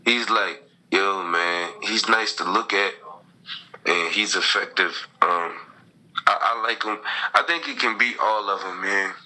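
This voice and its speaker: A man's voice: low voice, a little slow, pushed and bright, low-quality recording. A man, a boxing coach, guesting on a podcast and talking boxing in a casual, slangy, emphatic way.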